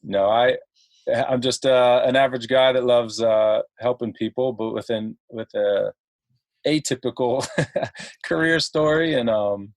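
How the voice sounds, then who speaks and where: A man's voice: medium pitch, dry recording. Man, middle-aged, from ohio, rambling storyteller, lots of um and uh, dry close mic. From Ohio, USA. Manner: halting, chatty storyteller with many fillers and laughs. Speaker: podcast guest, entrepreneur. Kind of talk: casual podcast chat.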